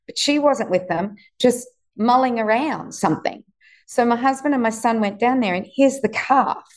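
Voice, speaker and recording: A woman's voice: mid-range voice, a little mellow. A woman in her sixties who owns a farm, telling rambling stories in casual chat. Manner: rambling, chatty storyteller with fillers. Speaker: farm owner.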